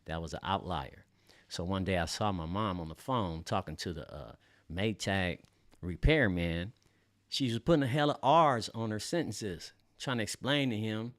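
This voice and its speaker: A man's voice: fairly low pitch, expressive, normal speed, fairly bright tone, dry recording. A middle-aged man from Los Angeles hosting a casual podcast, telling stories in a loose, slangy way with lots of fillers and swearing. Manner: laid-back and loose, heavy on fillers and slang, swears freely. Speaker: podcast host.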